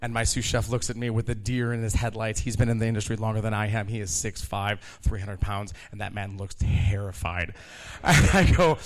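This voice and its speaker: A man in his thirties telling a live story about working in a kitchen, animated and laughing, acting out the people he quotes. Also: lowish voice, a little fast, hardly any pauses.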